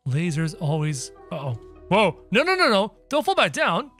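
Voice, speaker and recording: Excitable high-voiced man narrating gameplay. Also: normal speed, faint music behind. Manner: excitable, playful, talks to viewers. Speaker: gameplay video creator. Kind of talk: let's-play commentary.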